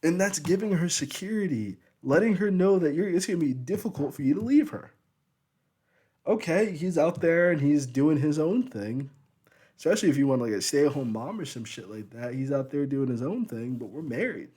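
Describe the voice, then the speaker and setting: Young man, husky and fairly high-voiced, talking bluntly and profanely in a casual monologue. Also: expressive, moderate pace, dark tone. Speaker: vlogger.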